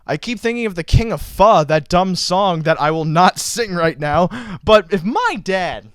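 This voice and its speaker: Teen male host, high clear voice, goofy rambling banter. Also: animated, measured pace, dry recording, studio quality. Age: teens. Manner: goofy, rambling, self-mocking. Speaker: podcast host. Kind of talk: joking podcast chat.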